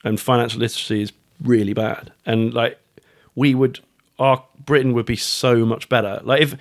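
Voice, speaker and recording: A man's voice: medium pitch, little pitch movement, normal speed. A middle-aged man from the United Kingdom, an author talking as a guest in a casual podcast interview, chatty, swearing, restarting his sentences often. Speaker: guest, author and fund manager.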